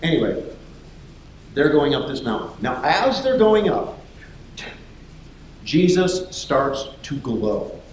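A man preaching a sermon as lively storytelling, acting out the voices of the people in his story. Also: medium pitch, slow, pauses often, a little hiss or hum. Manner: animated storytelling, acts out voices. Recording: echoey hall.

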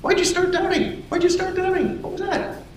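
A man voicing Jesus as a gently teasing male teacher in a high, playful scolding tone, in an echoey hall. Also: level tone, normal speed, distant mic, a little hiss or hum.

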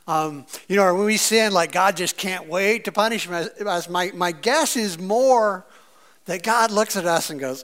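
High-voiced, chatty male preacher. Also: normal speed. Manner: conversational and animated, with many fillers; playfully acts out quoted voices. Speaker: pastor. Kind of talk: sermon.

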